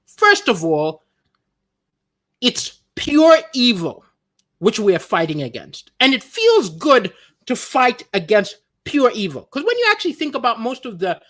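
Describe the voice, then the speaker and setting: Animated comedian riffing on viewer comments. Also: male voice, very high voice. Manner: reads viewer comments aloud and riffs on them, animated. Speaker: comedian hosting a livestream. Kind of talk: casual comedic livestream chat.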